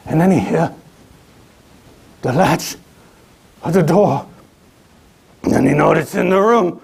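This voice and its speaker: A man telling a ghost tale in folksy dialect on stage, with dramatic pauses and swings from a hush to near shouting. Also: fairly high pitch, creaky, slightly rough. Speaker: storyteller performing as a 19th-century author. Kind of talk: theatrical one-man stage storytelling.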